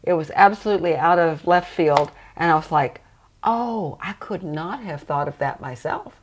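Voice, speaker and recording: An older woman, a trance channeler, talking reflectively in a relaxed interview and laughing often. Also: on the low side, moderate pace, a little hiss or hum.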